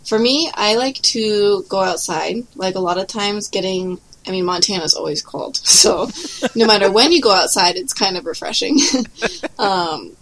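A chatty woman speaking at an ordinary middle pitch. She is a guest on a casual podcast, and her talk is loose and friendly, peppered with "like" and small laughs. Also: expressive, a little slow, fairly bright tone, poor audio. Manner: chatty, light laughs, many "like" fillers. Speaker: podcast guest, card game player.

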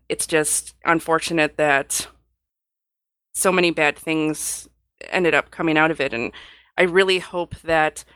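Chatty woman with a lowish voice. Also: no echo. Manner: animated, acts out quotes, chatty. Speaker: podcast co-host. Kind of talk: casual panel chat.

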